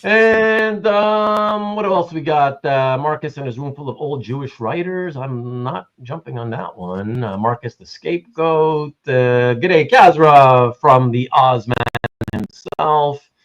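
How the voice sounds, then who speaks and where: A man hosting a casual livestream who greets viewers and reads the chat aloud in a rambling, animated way. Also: on the high side, slow pace, muffled recording. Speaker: livestream host.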